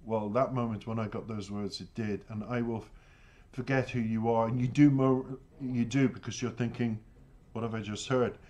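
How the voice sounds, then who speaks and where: A man's voice: medium pitch, fairly even intonation, a little mellow. Emotional Irish man reflecting on a song. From Ireland. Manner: emotional, halting storytelling with sighs. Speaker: music reaction channel host. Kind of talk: reflective reaction commentary.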